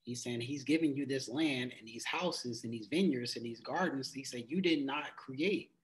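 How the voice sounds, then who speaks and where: A man's voice: medium pitch, normal speed, low-quality recording. Male Bible study teacher with a mid-range voice. He reads scripture aloud, then explains it casually and conversationally. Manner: conversational, loose phrasing with frequent "it's like"; reads verses aloud in old-fashioned wording, then explains them plainly.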